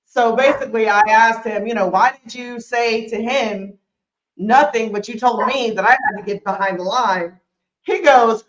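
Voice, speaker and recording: A woman telling a story on a podcast in a lively, animated way, acting out the people in it and slipping into Spanish. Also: on the high side, moderate pace, echoey room, dull audio.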